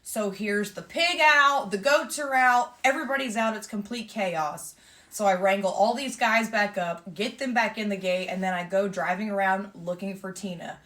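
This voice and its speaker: Bright-voiced woman telling a story. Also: mid-range voice, normal speed. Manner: lively, vivid retelling with quoted exchanges. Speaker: emu owner telling a story. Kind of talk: casual storytelling.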